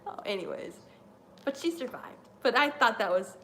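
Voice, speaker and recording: A woman streamer chatting live during a wrestling watch-along, rambling and excitable with lots of fillers. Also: on the high side, a little hiss or hum. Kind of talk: live reaction chat.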